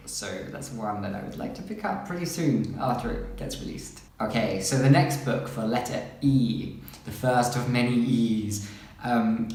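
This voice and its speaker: Male book vlogger, casual and rambling, mid-pitched, recorded in a very echoey room. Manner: chatty, rambling, reads synopses aloud. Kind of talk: casual chat about upcoming books.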